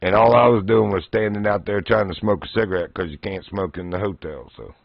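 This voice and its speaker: Dude on a stream, folksy yarns, keeps chuckling, dull dry audio. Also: male voice, sits low, a little fast, creaky, dry recording. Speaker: livestream host. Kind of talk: casual storytelling.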